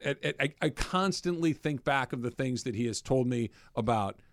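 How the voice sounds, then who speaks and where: A man hosting a sports radio show, chatty and jokey with quick asides. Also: mid-range voice, lively intonation, no room sound, studio quality. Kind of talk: casual radio talk. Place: radio studio. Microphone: studio microphone.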